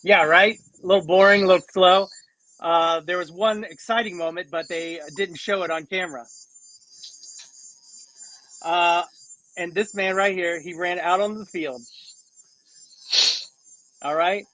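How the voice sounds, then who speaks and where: High-voiced man in rambling chat. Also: steady tone, a little slow, pauses often, fairly bright tone, low-quality recording. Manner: rambling, many restarts and fillers. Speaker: co-host. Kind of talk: casual podcast chat.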